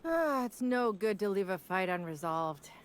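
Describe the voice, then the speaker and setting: A woman's voice: medium pitch, very animated, moderate pace, close to an everyday voice. An actress voicing a stern, weary female tavern keeper in a video game, firm and motherly.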